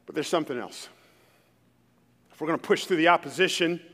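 A pastor in his thirties preaches with a high, bright voice that carries real fervor. He drops into hushed storytelling, then builds to loud, emphatic declarations. A long reverb trails behind his words. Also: a little fast, long pauses. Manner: preaching with rising fervor and street-tinged emphasis. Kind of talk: sermon.

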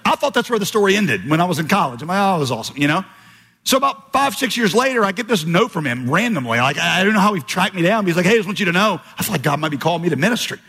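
Male pastor, fairly high husky voice, animated storytelling sermon, big hall reverb.

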